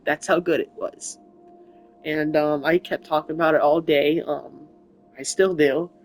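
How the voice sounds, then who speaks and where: A young adult gaming channel host speaking in a halting, emotional, rambling way in a personal update vlog, recorded on a console mic. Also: medium pitch, fairly even intonation, soft background music. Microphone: console mic without camera.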